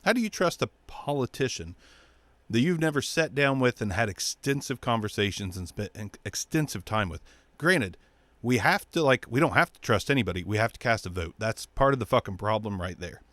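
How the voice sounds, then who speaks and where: A man hosting his own show, ranting bluntly about politics with heavy swearing and mocking, squeaky impressions of other people. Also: expressive, fairly quick, a bit bright, no echo. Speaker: show host. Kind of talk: profane political rant.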